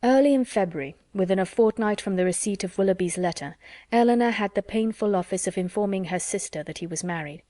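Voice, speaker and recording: A woman reads a classic novel as an audiobook in a measured, even storytelling style. Her voice is medium in pitch, recorded at studio quality with no echo.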